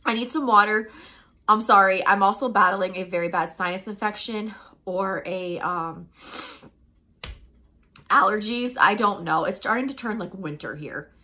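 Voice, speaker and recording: A woman's voice: medium pitch, moderate pace, dull audio. A young woman chatting through a casual vlog update, rambling and repeating herself, a little out of breath. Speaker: vlogger.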